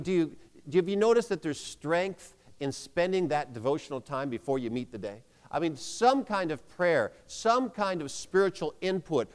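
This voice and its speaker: A man's voice: sits high, smooth, long reverb tail. A man preaching a sermon, emphatic, having the congregation repeat phrases aloud.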